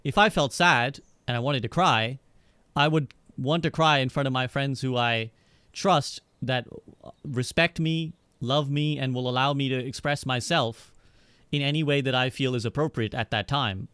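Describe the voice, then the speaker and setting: A man on a podcast calmly arguing his point, reasoning aloud and often checking in with "right?". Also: medium pitch, moderate pace, smooth, no room sound. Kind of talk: casual debate.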